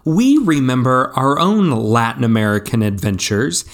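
A man's voice: medium pitch, lively intonation, normal speed. A man in his thirties co-hosting a podcast, with a mid-range voice. He tells stories in a loose, rambling way, full of likes and restarts. He sounds casual and chatty. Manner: rambling storyteller, many fillers and restarts. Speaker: podcast co-host. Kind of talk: casual chat.

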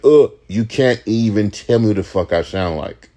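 A young man with a low voice, rambling in a profane, ranting late-night podcast monologue. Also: animated, normal speed, few pauses, mellow. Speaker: podcast host, rapper.

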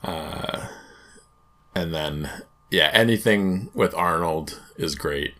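Deep-voiced podcast host, easygoing. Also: male voice, slow. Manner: relaxed, chuckling, offhand. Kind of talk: casual podcast chat.

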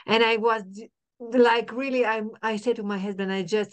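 Middle-aged woman, podcast guest; smooth voice, halting restarts, repeats herself. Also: medium pitch, steady tone. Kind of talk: emotional personal storytelling.

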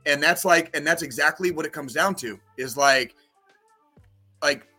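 A man's voice: a little high, moderate pace, sharp tone, faint music behind. A man co-hosting a podcast, ranting in casual chat with lots of swearing. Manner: profane ranting, heavy swearing. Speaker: podcast co-host.

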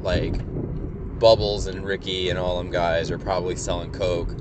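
A man's voice: low voice, level tone, moderate pace, background noise. A young man telling a rambling, profane story in a casual, wry way from inside a car. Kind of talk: casual anecdote.

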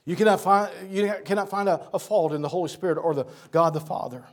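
Older man, pastor, earnest sermon, high-pitched voice, repeats words. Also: quick pace. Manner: earnest preaching, repeats words, lists names with rising emphasis. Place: church sanctuary.

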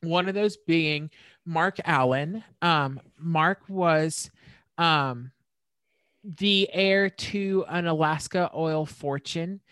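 Her voice is low and a bit bright, with drawn-out words, captured in a dry recording. She's a podcast co-host walking through a case in relaxed chat, full of fillers and restarts as she tells it.

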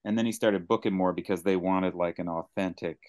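A man's voice: low voice, fairly even intonation, fairly quick, darkish tone, no echo. A male podcast host in casual, jokey conversation. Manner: jokey, laughs easily. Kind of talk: casual chat.

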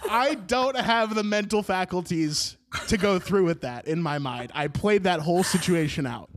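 A man in his twenties casually telling a funny personal story on a podcast, animated, laughing through his words and swearing freely. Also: high voice, normal speed. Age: 20s.

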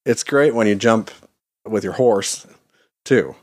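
A man in relaxed casual chat about a game, slangy and swearing. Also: on the low side, slow. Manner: laid-back, slangy, swears.

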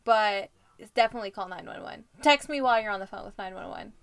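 A woman co-hosting a podcast, reading fan fiction aloud with commentary and jumping up in pitch for the quoted lines. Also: fast talker, gravelly, smooth. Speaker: podcast co-host.

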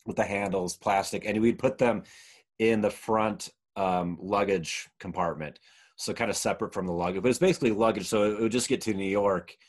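A man from Utah, in his twenties or thirties, telling a rambling story in casual chat, full of fillers and laughs. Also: low-pitched.

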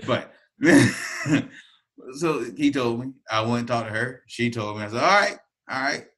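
A man's voice: mid-range voice, unhurried. A middle-aged man, a podcast co-host, telling family stories in casual chat and laughing often. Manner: animated storyteller, laughs often.

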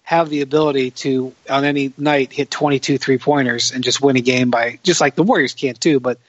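A man's voice: mid-range voice, fairly even intonation, fairly quick, no echo. A tired man hosting a casual podcast chat, hesitant and restarting his sentences often. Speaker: podcast host. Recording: slightly muffled dry audio.

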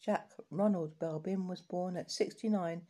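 A woman reading collected life stories aloud in a steady, unhurried way, with small restarts now and then. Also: fairly low pitch, breathy edge.

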